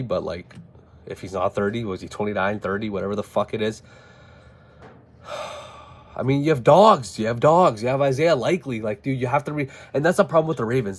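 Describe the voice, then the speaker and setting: A man ranting casually about a football game, animated and exasperated, with frequent swearing. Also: mid-range voice, breathy edge. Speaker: football fan vlogger. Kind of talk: casual sports rant.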